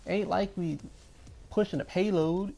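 A young man giving excitable gameplay commentary, often repeating himself. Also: high-pitched, measured pace, gravelly. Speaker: gaming YouTuber.

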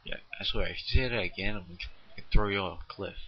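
A man making a homemade comedy skit, grumbling and complaining with stumbling repeats, his voice kept quiet for recording at night. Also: fairly low pitch, fast talker, husky, lo-fi sound. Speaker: home video maker.

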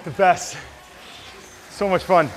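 A man's voice: high voice, fairly even intonation, soft background music, poor audio. A man in his forties hosting, chatting upbeat and joking with a trainer during a gym workout. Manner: chatty, upbeat banter with quick laughs. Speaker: fitness trainer and show host. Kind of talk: casual chat during a workout.

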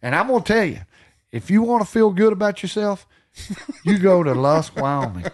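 A man with a Texan accent, a podcast guest telling animated stories with folksy country slang and frequent laughter. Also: high-pitched, normal speed. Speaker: podcast guest, hunting storyteller. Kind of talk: casual storytelling.

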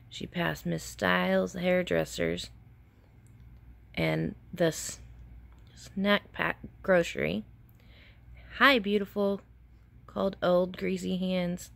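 A woman's voice: lowish voice, creaky. A woman teacher reading a picture book aloud to children and asking them questions between pages.

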